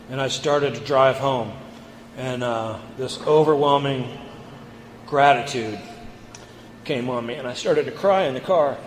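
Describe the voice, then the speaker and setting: A man giving an earnest personal recovery share at a meeting, halting and repeating words as he goes. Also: mid-range voice, slight background noise. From United States. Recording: echoey hall, long reverb.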